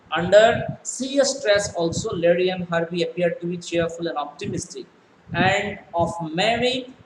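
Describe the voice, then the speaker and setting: A male teacher reading a story aloud and explaining it line by line, with many fillers. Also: high voice. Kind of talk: explaining a textbook lesson. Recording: echoey room, faint noise.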